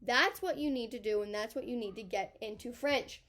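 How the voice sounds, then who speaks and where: A woman, a high school teacher, explaining grammar in an emphatic lesson that repeats key points. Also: moderate pace, fairly bright tone.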